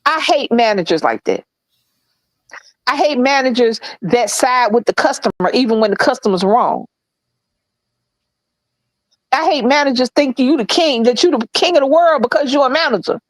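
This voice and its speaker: A woman co-hosting a podcast, telling a work story in a blunt, profane, animated way. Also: high-pitched, moderate pace, pauses often, dry recording, low-quality recording. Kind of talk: casual storytelling chat.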